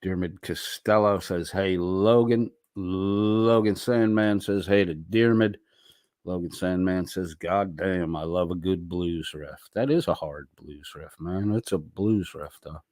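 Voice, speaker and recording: A man's voice: sits low, fairly even intonation, unhurried, a little mellow, dry recording, studio quality. A man hosting a late-night livestream, reading chat messages aloud and responding in a blunt, profane, sarcastic way.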